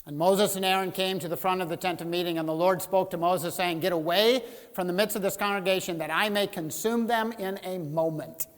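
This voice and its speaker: A man's voice: high voice, fairly even intonation, fairly quick, big-room sound. A man preaching a sermon as pastor, reading scripture aloud and acting out the grumbling crowd with rising, emphatic delivery. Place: church sanctuary.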